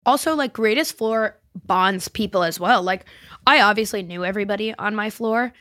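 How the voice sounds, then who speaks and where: A woman's voice: medium pitch, moderate pace, fairly bright tone, no room sound, studio quality. A young woman, a college student co-hosting, talking chattily with lots of "like" fillers and giggles. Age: young adult. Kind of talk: casual podcast chat.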